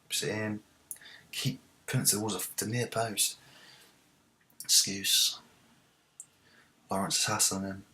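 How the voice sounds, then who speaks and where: Low-voiced man commentating a football game. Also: slow pace, long pauses. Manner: excitable, shouts at big moments. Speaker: gaming video host. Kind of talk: let's-play commentary.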